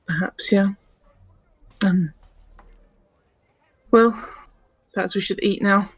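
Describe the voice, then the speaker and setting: A woman's voice: medium pitch, takes it slowly, husky, no echo. A woman playing a tabletop game, speaking in character in a dry, curt way. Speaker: player.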